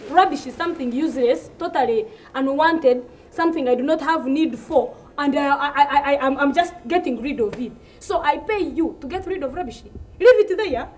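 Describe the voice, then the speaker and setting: There's slight background noise as a Ugandan woman with a high voice and Ugandan English accent performs a comedy sketch. She rants indignantly, repeating herself for effect.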